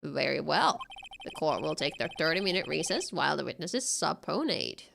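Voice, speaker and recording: A woman voicing an elderly male judge, slow and formal. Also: low-pitched, sing-song, creaky, fairly bright tone, voice pushed down, full character voice.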